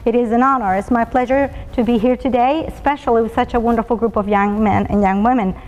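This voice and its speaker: A woman's voice: fairly high pitch, steady tone, quick pace, darkish tone, long reverb tail, low-quality recording. A woman in her fifties from Colombia and Venezuela, with a Venezuelan Spanish accent, giving a prepared talk with frequent ums while telling stories. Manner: frequent ums and uhs, storytelling. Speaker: speaker at a school talk event.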